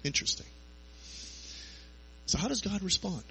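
A man's voice: high-pitched, animated, moderate pace, gravelly, pushed and bright, a little hiss or hum, low-quality recording. A man preaching a sermon in a conversational way, asking his listeners rhetorical questions.

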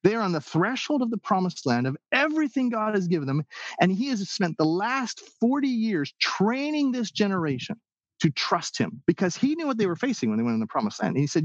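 A man preaching a sermon in an animated way, acting out the people's and God's words as he goes. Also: sits high, brisk, no room sound, muffled recording. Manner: animated preaching, acts out quoted voices. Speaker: pastor.

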